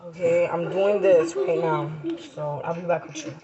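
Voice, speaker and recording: A woman's voice: lowish voice, fairly even intonation, normal speed, lo-fi sound, a crowd in the background. A woman and mother filming a casual cooking vlog in her hot home kitchen, chatty and flustered, talking straight to her viewers. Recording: loud background noise from kids. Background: noisy children.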